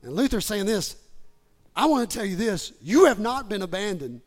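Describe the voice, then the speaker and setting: A man preaching a sermon, leading the congregation in call and response and building to emphatic, shouted lines. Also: very animated, moderate pace. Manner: emphatic preacher, swings from low asides to shouting. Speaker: pastor.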